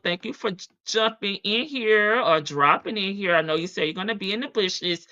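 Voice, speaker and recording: Woman streamer, casual chat with viewers, playful and laughing, animated pitch, dull lo-fi sound. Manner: chatty, playful, laughs often. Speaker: true crime live stream host.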